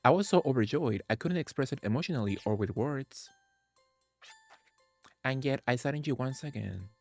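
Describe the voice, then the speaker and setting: A man's voice: medium pitch, expressive, moderate pace, vocal fry, darkish tone, faint music behind. A man voicing a dying, ghostly middle-aged father, reading earnestly with small stumbles. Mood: regretful.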